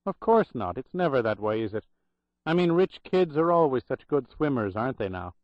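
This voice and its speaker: A man voicing a talkative, wry elderly Irish hospital clerk with a loud brogue, on a dull, dry recording. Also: mid-range voice, very animated, normal speed, no echo, pitched above the performer's own voice, lightly acted. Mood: sardonic. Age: older. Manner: loud brogue, sardonic storytelling.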